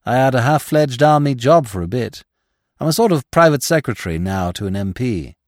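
A man's voice: mid-range voice, animated, brisk, no echo, close to an everyday voice. A man playing a stiff, polite young ex-soldier. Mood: reserved. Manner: dry, courteous and understated.

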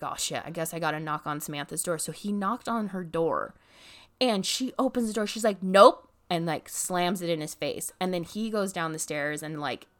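A woman's voice: lowish voice, fairly bright tone. A young woman telling a neighbor story in a casual storytime, chatty and full of "like", acting out what people said. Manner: chatty, heavy use of "like", acts out quotes.

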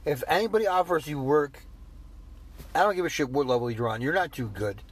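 A man's voice: fairly high pitch, animated, brisk, breathy edge. A man hosting his own solo podcast, ranting bluntly and swearing freely. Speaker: podcast host.

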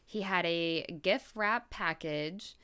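Hosting a podcast, a woman relates a true crime story in a relaxed, casual manner, with plenty of fillers and asides. Her voice is on the low side, slow and smooth.

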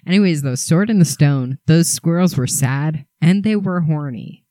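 A man's voice: fairly high pitch, animated, moderate pace, dark tone, no room sound. A young man from Canada co-hosting a casual podcast, sarcastic and playful, swearing for comic effect. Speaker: podcast co-host. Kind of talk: casual chat.

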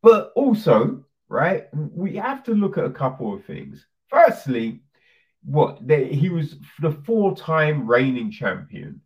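Profane, heated ranter, slow and lively. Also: mid-range voice. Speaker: commentator. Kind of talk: ranting opinion monologue. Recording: distant dull lo-fi sound.

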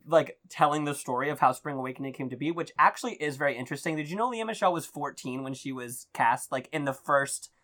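A man's voice: on the high side, fast talker, few pauses. A man co-hosting a podcast, chatting casually and telling gossip with lots of filler words. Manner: gossipy, many likes and ums, animated storytelling. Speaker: podcast co-host. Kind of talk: casual chat.

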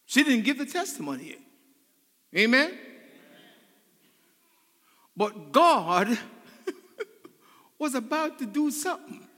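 A male pastor preaching with a high, swooping voice, his lines bright and ringing. He keeps repeating phrases and calling out to the congregation for an amen. The sound carries a long reverb, as if from a large church hall. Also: very animated, slow, long pauses. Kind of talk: sermon. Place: church sanctuary.

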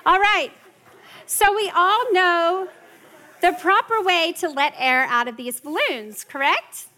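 A woman's voice: very high voice, slow pace, sharp tone. A middle-aged woman teaching a parenting class in a chatty way, often checking in with her listeners. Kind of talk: workshop teaching to a live group.

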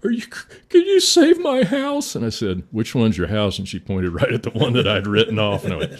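Here a fire chief from the Midwest casually recounts a war story, homespun in manner, dropping curses and laughing now and then. He speaks quickly, his pitch fairly low and his voice slightly rough.

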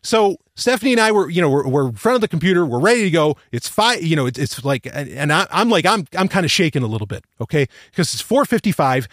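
A man's voice: a little high, big pitch swings, fast talker, few pauses, no echo, studio quality. A man hosting a podcast, telling a rambling story with lots of restarts and the odd swear word. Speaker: podcast host. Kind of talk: casual storytelling monologue.

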